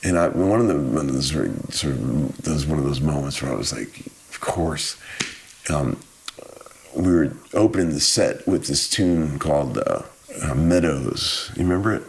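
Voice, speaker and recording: A man's voice: extremely low pitch, expressive, moderate pace, vocal fry, husky. A man telling stories in a casual, laid-back way, rambling and often saying "man". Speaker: guest musician telling stories. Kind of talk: casual storytelling.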